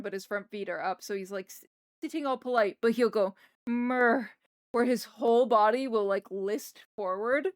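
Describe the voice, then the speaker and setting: Smooth-voiced woman chatting on a livestream. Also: mid-range voice, dry recording, clean studio sound. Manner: chatty, rambling, talks to her pets. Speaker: streamer. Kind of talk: casual livestream chat while drawing. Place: home desk in a wheeled chair.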